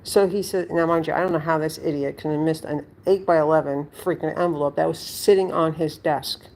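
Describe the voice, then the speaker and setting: A woman's voice: low voice, fairly even intonation, brisk, darkish tone, slight background noise. A woman at home telling a story to her viewers in a blunt, rambling way, swearing freely. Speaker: vlogger. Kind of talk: casual storytelling to camera.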